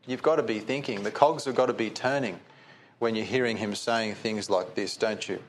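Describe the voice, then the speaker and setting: A man's voice: lowish voice, normal speed, slight background noise. A man preaching a conversational sermon that keeps putting questions to his listeners.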